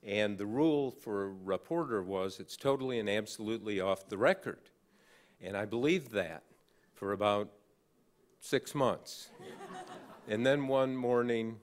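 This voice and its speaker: A man in his sixties giving an award acceptance speech at a podium, telling an anecdote in a halting way with many uh fillers and dry, wry humor. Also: lowish voice. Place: large banquet hall on stage.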